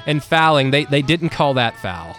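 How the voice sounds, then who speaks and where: A man of middle pitch recaps a game on a casual sports podcast, chatty and joking. He talks through plays in a loose, conversational way, with fillers and restarts along the way. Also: expressive, moderate pace, a bit bright, soft background music. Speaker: podcast co-host.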